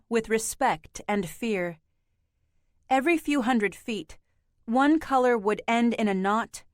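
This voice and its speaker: A woman narrating an audiobook in a slow, measured, even reading. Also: mid-range voice, dry recording, studio quality. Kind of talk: scripted narration.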